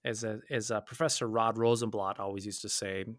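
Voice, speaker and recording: A man's voice: lowish voice, fairly even intonation, a little fast, a bit bright, no room sound, studio quality. A man who is a pastor, talking earnestly on a podcast, often repeating words as he thinks. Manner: earnest, repeats words while thinking, mimics voices in anecdotes. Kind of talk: conversational podcast discussion.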